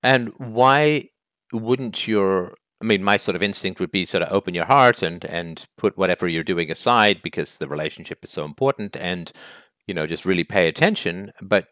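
A man's voice: deep voice, a bit bright, dry recording, studio quality. A man hosting a call-in advice show, talking bluntly and challenging the caller with heat.

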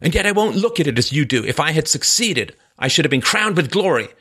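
Fiery and raised well above his normal speaking pitch, this is a defiant young murderer justifying himself in bitter bursts, as a man reads him aloud. The tone is bright and forceful. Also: very animated, fast, husky, heavily acted. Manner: impassioned, agitated, self-justifying. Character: anguished defiant young male ex-student killer.

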